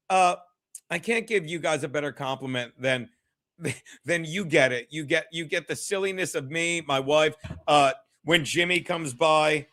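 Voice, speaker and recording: A man's voice: fairly high pitch, measured pace, pushed and bright. Profane, rambling New man on a livestream. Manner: profane, rambling, chats with viewers. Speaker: comedian hosting a livestream. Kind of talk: casual solo livestream chat.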